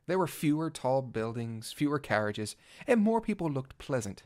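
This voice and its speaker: A man's voice: medium pitch, big pitch swings, moderate pace, lightly acted. A man voicing a vain, gallant male cat-knight bard in a fan audio drama, speaking in flowery, old-fashioned words and shifting from pompous to flustered. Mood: storytelling. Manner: theatrical, swinging from pompous to flustered. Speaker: narrator. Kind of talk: first-person fan audio drama reading.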